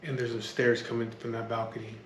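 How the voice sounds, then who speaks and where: A man tells a story in plain, casual speech, blunt and full of swearing, often stopping to restart a sentence. His voice sits at an ordinary middle pitch. The room echoes noticeably, with a faint hum of background noise. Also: flat delivery, brisk, fairly bright tone. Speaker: storyteller recounting a street standoff.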